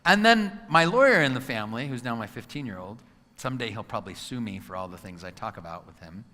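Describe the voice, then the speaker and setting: A man's voice: mid-range voice, fast talker. A man in his forties giving a live motivational talk, telling stories with acted-out quotes and asking the audience questions. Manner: animated storyteller who acts out quotes, asks the crowd questions. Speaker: motivational speaker. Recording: hall with long reverb.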